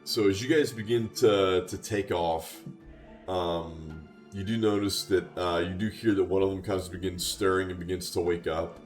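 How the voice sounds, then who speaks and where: Deep voiced guy running the game, lots of uh's, echoey room. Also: normal speed, soft background music. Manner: relaxed, with frequent "uh" fillers. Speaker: game master. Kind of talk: narrating a tabletop game.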